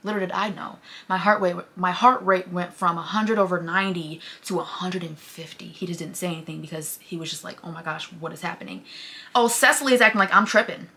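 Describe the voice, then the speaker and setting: Young female vlogger, casual storytelling, quick and bright, chatty with lots of fillers. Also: on the low side. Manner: animated, rambling with many fillers and restarts.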